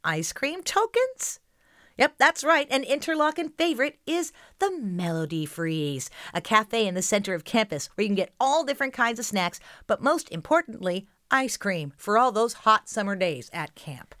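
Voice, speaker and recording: A woman's voice: mid-range voice, big pitch swings, moderate pace, hardly any pauses, a bit bright, dry recording, clean studio sound. A woman hosting a children's show, giving upbeat scripted narration and speaking straight to young listeners.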